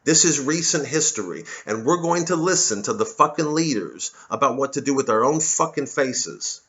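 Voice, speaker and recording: Heard through a muffled recording, this man vlogs political commentary in a furious, swear-laden monologue, often circling back and starting sentences over. He has a mid-range voice with a sharp tone and lively intonation, talking at normal speed.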